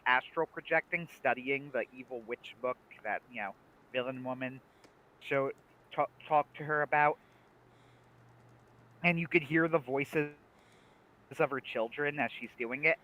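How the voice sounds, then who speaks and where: A young man with a bright, lively voice pitched a little high chats casually on a livestream. He talks in an animated way, laughs easily and often restarts his sentences mid-thought. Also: poor audio. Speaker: livestream co-host. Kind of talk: casual chat about a TV series.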